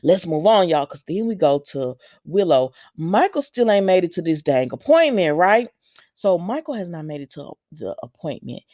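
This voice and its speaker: A woman's voice: lowish voice, big pitch swings, normal speed, a little mellow, no echo, studio quality. A woman casually recapping soap opera episodes for viewers, retelling scenes with quoted lines and adding opinionated asides. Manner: opinionated asides scolding characters.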